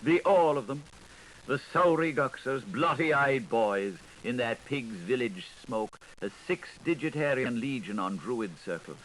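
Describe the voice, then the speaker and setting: A man reading an unabridged literary audiobook in a lilting, sing-song recitation with wide swings in loudness. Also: mid-range voice, animated, a little slow, hardly any pauses, poor audio. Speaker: audiobook narrator. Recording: 1980s studio tape, faint hiss.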